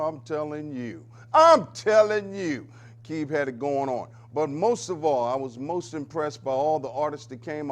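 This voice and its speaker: A man hosting a local community show's news segment, talking in a preacherly, exclamatory way that swings between loud and soft. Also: a little high. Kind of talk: lively community TV commentary.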